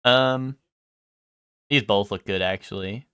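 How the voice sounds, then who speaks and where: Young streamer dude, swears a ton, lots of ums, crisp bright voice. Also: male voice, fairly low pitch, takes it slowly, no room sound, clean studio sound. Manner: rambling, swears a lot, full of ums. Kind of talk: casual live-stream chat.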